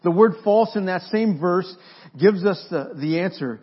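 A man preaching a sermon as pastor, pausing for effect and building to forceful emphasis. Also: high voice, animated, breathy edge. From Mexico. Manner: preaching with dramatic pauses and rising emphasis. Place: church sanctuary. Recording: dull lo-fi sermon recording.

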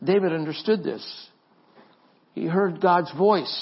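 Male pastor, sermon, high husky voice, earnest repetition. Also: moderate pace, dull audio. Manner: earnest preaching with repeated phrases and restarts.

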